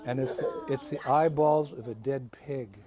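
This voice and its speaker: A man voicing a blunt, matter-of-fact jungle witch doctor in a slow, low, hushed way. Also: fairly even intonation, very noisy, natural voice.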